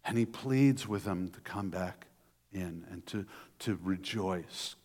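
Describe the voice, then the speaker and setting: A man preaching a sermon, retelling a parable in an animated storytelling way with frequent restarts. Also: deep voice, slow, big-room sound.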